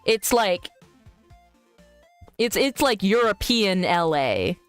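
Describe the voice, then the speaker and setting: A woman's voice: mid-range voice, sing-song, slow, clear, resonant tone, no echo, faint music behind. Joking, crude-mouthed woman streamer. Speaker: VTuber streamer. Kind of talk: casual live-stream chat, reading viewer messages aloud.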